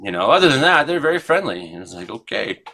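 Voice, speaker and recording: A man's voice: medium pitch, sing-song, fast talker, vocal fry, bright, forceful tone. A man in his forties from Ontario, co-hosting a casual radio chat show and rambling through news items and stories with many fillers. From Ontario, Canada. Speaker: co-host. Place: radio studio.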